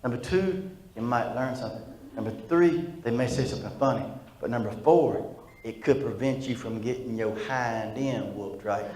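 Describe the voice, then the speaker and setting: A man's voice: mid-range voice, normal speed, warm tone, echoey room, rough recording. A man doing stand-up comedy. He tells stories with a stutter, often repeating words, and talks straight to the audience.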